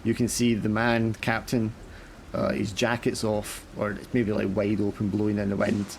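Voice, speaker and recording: A man's voice: on the low side, completely flat delivery, normal speed, creaky, slight background noise. A man narrating a tabletop horror game as game master, casual and full of fillers.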